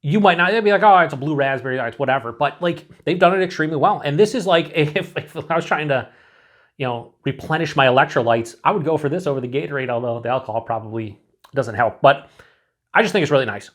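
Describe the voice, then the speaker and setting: A man's voice: on the high side, fast. A man reviewing a beer on his own in a casual, rambling way, full of fillers and restarts, cheerful and swearing now and then.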